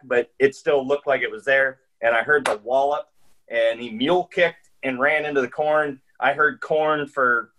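A man's voice: medium pitch, a bit bright, low-quality recording. A man telling a long hunting story in casual chat, rambling along with frequent restarts and fillers. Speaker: guest hunter.

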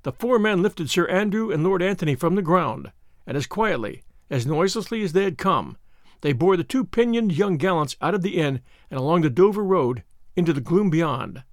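A man narrating a classic novel aloud in a measured, even storytelling manner, as the host of a story podcast. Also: sits high, no room sound, studio quality. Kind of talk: audiobook reading of a classic novel.

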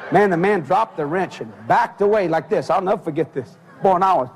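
Animated preacher man, high lively voice. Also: fairly quick, background noise. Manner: animated, shouting quoted voices, laughing along. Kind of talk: storytelling sermon.

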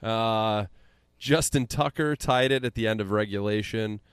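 A man's voice: fairly low pitch, measured pace, clean tone, no room sound, studio quality. A tipsy man with a Central Illinois accent, hosting a casual sports chat, joking loosely as he reads off game stats. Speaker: podcast host.

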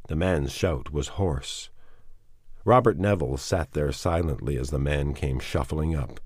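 A man reading a novel aloud as audiobook narration, in a measured and somber way. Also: rumbling low, a little mellow, slightly rough, no room sound, studio quality. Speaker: audiobook reader.

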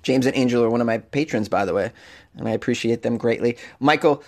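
A man's voice: medium pitch, fast, a little mellow. A man hosting a comedy news podcast, talking casually with crude, rambling jokes. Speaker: podcast host.

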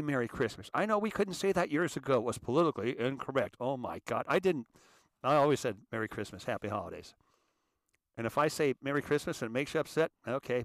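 A man's voice: medium pitch, a bit bright, dry recording, clean studio sound. A man hosting his own show, talking in a loose, rambling monologue full of restarts and repeated words. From United States. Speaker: show host. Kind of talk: casual monologue.

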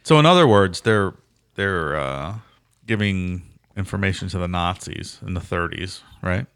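Gravelly man making wry asides. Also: low-pitched, expressive, measured pace, a bit bright, no echo, clean studio sound. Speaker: podcast co-host. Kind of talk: casual podcast banter.

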